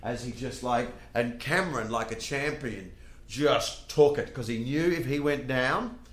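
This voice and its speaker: An Australian man, a comedian, telling a story in casual podcast chat, swearing freely and getting animated. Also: mid-range voice, measured pace, roomy sound. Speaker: comedian guest.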